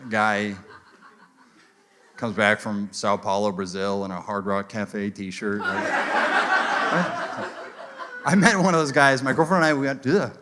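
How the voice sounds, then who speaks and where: A man doing a stand-up comedy set, telling stories in an animated way and acting out people in mock French. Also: lowish voice, slow pace, pauses often. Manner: animated storytelling, acts out characters in mock French. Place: comedy venue with a live audience. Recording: live crowd laughter and room noise. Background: audience laughing.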